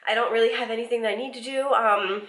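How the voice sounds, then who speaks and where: A woman's voice: on the high side, steady tone, fast, a bit bright, reverberant. A woman chatting casually to the camera in a daily home vlog, a bit out of breath, rambling and laughing often. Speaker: vlogger. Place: home, indoors. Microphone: handheld vlogging camera.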